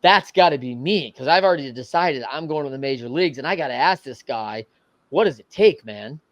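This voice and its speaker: A middle-aged man telling a story as a podcast guest, animated and casual, often adding "man" and "right". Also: medium pitch, a little fast, no room sound. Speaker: podcast guest, coach and entrepreneur. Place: podcast studio.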